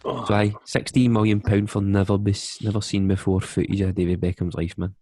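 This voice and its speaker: A man's voice: on the low side, flat delivery, brisk, dark tone, slight background noise. Joking Scottish man on a video call. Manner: joking, laughs often, mimics others. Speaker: podcast co-host. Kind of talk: casual chat.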